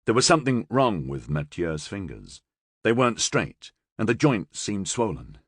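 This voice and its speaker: A man narrating an audiobook, reading with expressive storytelling from a close mic. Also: fairly low pitch, moderate pace, slightly rough, no echo. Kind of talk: scripted narration.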